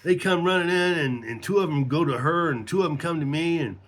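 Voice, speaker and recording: Middle-aged male storyteller, slightly high voice, casual, foul-mouthed, rambling. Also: brisk. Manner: profane, rambling, laughs mid-story.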